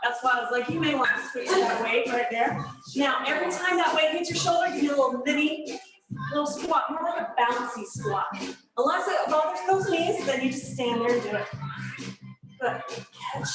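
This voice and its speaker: A woman with a high voice leads a weights class, talking through each move and counting down reps. She sounds encouraging and chatty. Her voice rings in a very echoey studio with workout music behind her. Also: lively intonation, moderate pace. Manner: encouraging, talkative, gives step-by-step cues. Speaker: fitness instructor. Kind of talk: live class instruction with counting cues.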